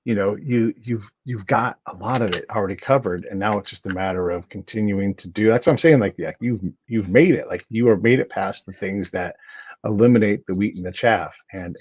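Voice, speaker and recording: A man hosting a podcast in casual chat, telling stories in an animated way with lots of restarts. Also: lowish voice, fairly quick, lo-fi sound, slight background noise. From United States. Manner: animated storyteller, chatty with frequent restarts. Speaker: podcast host.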